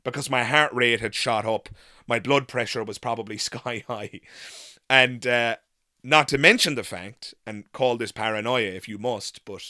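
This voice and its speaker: A man hosting a live Q&A, telling a story in an animated, frank way and swearing casually. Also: mid-range voice, a little slow, no room sound, studio quality. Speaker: host.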